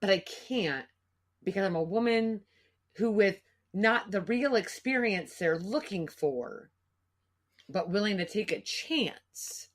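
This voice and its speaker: A woman's voice: mid-range voice, expressive, slow pace. A middle-aged woman hosting a podcast, talking in an emotional, rambling way and swearing freely. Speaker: podcast host. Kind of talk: casual podcast conversation.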